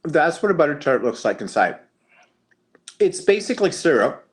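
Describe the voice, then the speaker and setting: A man's voice: on the high side, sing-song, normal speed. A man co-hosting a casual live-stream chat, campy with theatrical exclamations and cheeky jokes. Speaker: co-host.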